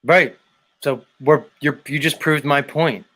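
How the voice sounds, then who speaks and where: A man's voice: fairly high pitch, steady tone, measured pace, fairly bright tone. Male stream host, casual and emphatic, hammering points with repetition. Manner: blunt, repetitive, emphatic lecturing. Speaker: show host. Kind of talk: casual live-stream chat reading viewer comments.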